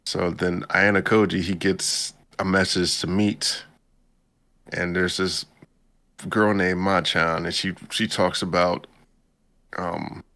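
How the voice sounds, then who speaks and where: A man with a very low voice talks through an anime episode on a casual podcast. His tone is gravelly and relaxed, and his speech is full of slang as he acts out the characters' lines. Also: takes it slowly, long pauses. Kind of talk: casual chat.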